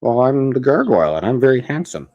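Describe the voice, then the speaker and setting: A man's voice: medium pitch, very animated, fairly quick, gravelly, dry recording, highs cut off, voice pushed up. A man voicing his vain, shameless male house cat, who boasts about how handsome he is. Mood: smug. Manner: smug, boastful.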